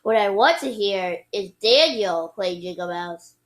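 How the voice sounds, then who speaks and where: Brief: woman playing a mother, dry and deliberate, mildly scolding. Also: medium pitch, animated, natural voice, poor audio. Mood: wry.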